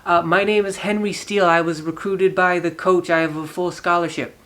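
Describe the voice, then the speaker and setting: A man putting on a wide-eyed young college player, eager and stammering, pitched higher than plain talk, earnest, a bit flustered. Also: fairly even intonation, fairly quick, fairly bright tone. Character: naive polite young male college recruit.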